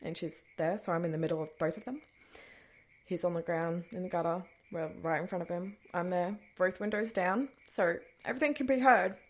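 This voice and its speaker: A woman with a slightly low-pitched voice tells a personal story on her podcast. She talks casually, laughs often and shrugs things off with throwaway asides. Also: brisk. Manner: chatty, breaks into frequent nervous laughs; dismissive asides, trailing off. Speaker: podcast host.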